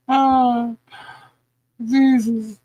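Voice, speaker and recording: A woman co-hosts a relaxed podcast, talking at an unhurried pace and breaking into laughter at every turn. Her mid-pitched voice sits close and dry on the mic. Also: no echo. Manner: laughs often, easily amused. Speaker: podcast co-host. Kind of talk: casual podcast chat.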